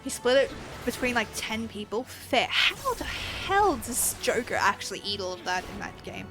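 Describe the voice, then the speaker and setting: A woman's voice: on the high side, animated, moderate pace, over music, rough recording. Chatty Australian woman streamer, swearing freely. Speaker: game streamer. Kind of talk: casual livestream chat.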